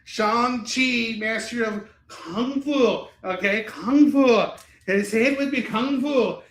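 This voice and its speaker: A man putting on the voice of a pushy, mocking pitchman who barks and swears. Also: takes it slowly, fairly bright tone, heavily acted. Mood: hard-selling. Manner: barking, insistent, profane. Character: loud bossy male pitchman, pushy and mocking. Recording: roomy echo.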